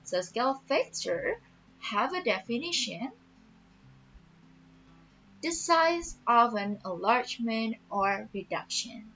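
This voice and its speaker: A woman teacher explaining a math lesson patiently, repeating each step slowly. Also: a little high, big pitch swings, fairly bright tone. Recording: dull lo-fi audio with faint music.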